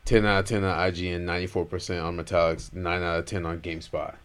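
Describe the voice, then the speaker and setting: Deep-voiced man in laid-back banter. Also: flat delivery, fast, clean tone. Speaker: podcast co-host. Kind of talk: casual chat.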